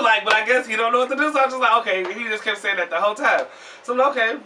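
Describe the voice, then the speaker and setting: A young man telling a storytime vlog in a profane, animated way, acting out what people said. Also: extremely high pitch, very fast, recorded from a distance, slight background noise. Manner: animated, profane, acts out quoted voices loudly.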